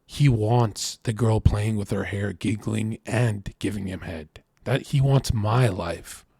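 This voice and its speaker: A man's voice: fairly low pitch, slow, gravelly, dark tone, slightly rough, no room sound, clean studio sound. A man streaming, reacting to chat and reading messages aloud, in a brash, profane, boastful way, rambling and acting out bits of dialogue.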